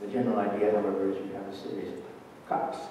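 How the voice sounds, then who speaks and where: Older guy, math prof, dry jokey lecture, low voice, far off in a big echoey hall. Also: completely flat delivery, fast, mellow, a little hiss or hum. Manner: dry, wry, digressive lecturing. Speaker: math professor giving a lecture. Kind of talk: public lecture with poetry reading.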